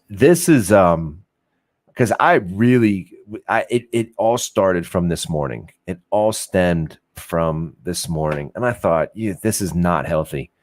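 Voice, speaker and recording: A young man hosting an unfiltered talk show, rambling casually, swearing freely and joking at his own expense. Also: sits low. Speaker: podcast host.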